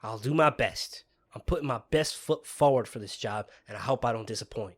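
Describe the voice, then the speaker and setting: A man's voice: mid-range voice, brisk, slightly rough, pitched below the performer's own voice, natural voice. A man playing a nervous young male police recruit who answers hesitantly and tries hard to please. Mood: meek. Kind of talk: comedy sketch acting.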